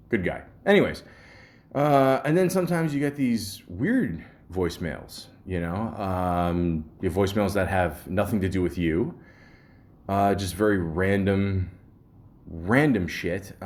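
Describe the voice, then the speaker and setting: A Canadian man in a loose, rambling podcast monologue, stumbling over restarts and fillers. His voice sits on the lower side, unhurried and relaxed. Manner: rambling, with many ums and restarts. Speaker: podcast host. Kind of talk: casual monologue.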